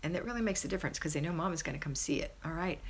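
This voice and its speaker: A woman's voice: rapid-fire, slight background noise. A woman hosting a homemaking live stream, reading viewer comments aloud and praising and encouraging her viewers. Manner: chatty, with pitch rising high in excitement. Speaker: homemaking livestream host.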